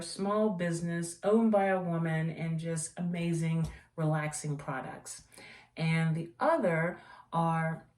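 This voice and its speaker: A woman with a lowish voice hosts a casual tea vlog, rambling happily and gushing over products she loves. She sits back from the mic, and the room adds a noticeable echo. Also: distant mic. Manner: rambling, warm-hearted enthusiasm for products. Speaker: tea vlogger and host. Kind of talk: casual chatty review. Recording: echoey room, voice away from mic.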